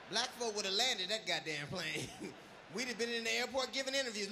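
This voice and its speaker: A male comedian doing a loud, profane, punchy live stand-up routine. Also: high voice, brisk, a little hiss or hum.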